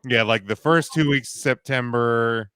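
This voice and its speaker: A man's voice: medium pitch, measured pace, fairly bright tone, smooth, dry recording. A man co-hosting a casual podcast, talking in rambling, opinionated runs full of restarts. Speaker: podcast co-host. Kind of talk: casual wrestling podcast chat.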